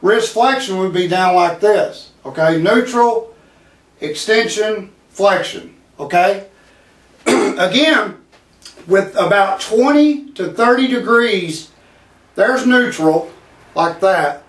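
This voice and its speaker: A man's voice: high-pitched, animated, slow. A man talking to camera in a casual instructional way, earnestly explaining step by step, often restarting and checking in with "okay.". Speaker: vlogger demonstrating grip training. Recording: roomy echo, mic at a distance.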